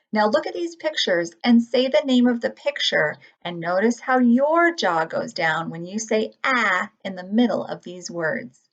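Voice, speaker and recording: A woman teaching a phonics lesson to young children, modeling words in a gentle, patient, drawn-out way. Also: mid-range voice. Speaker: kindergarten teacher. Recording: dull lo-fi audio.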